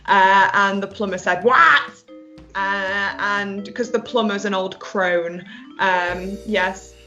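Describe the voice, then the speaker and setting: A woman's voice: medium pitch, flat delivery, slow, fairly bright tone, highs cut off, faint music behind. A woman telling an improvised comic story in a playful way.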